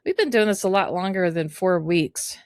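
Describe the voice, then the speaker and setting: Gravelly low-voiced woman co-host. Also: no echo. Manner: measured, recapping and guiding the talk. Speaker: podcast co-host. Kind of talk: candid personal conversation.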